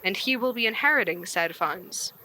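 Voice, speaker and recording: Woman doing a sly, low-voiced student guy. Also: expressive, moderate pace, background noise, lightly acted. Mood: smug.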